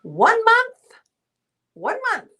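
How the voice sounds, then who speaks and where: Bright chatty woman hosting a livestream. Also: extremely high pitch, wildly swooping pitch, very slow. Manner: chatty, teasing, reads viewer comments aloud. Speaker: livestream host. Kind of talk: casual livestream chat.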